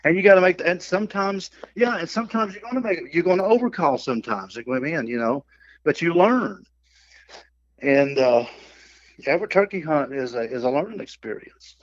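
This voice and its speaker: A man's voice: on the high side, moderate pace, no room sound. A middle-aged man, a turkey hunting instructor, telling a story in a casual podcast chat and acting out the quotes and turkey calls. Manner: lively yarn-spinner who acts out quotes and turkey calls. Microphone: podcast microphone. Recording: dull, dry lo-fi podcast audio.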